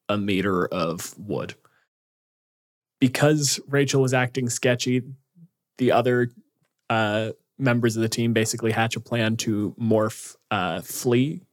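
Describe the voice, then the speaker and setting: A man co-hosting a podcast, recapping a book in loose, profane storytelling full of fillers. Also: on the low side. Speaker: podcast co-host.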